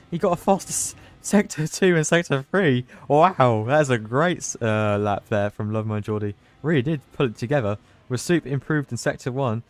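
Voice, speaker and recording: A man giving live commentary on an online racing qualifying session, chatty and loose, surging with excitement at the big moments. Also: mid-range voice. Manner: loose, chatty, with restarts and asides. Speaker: race commentator; team manager. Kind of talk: live esports race commentary.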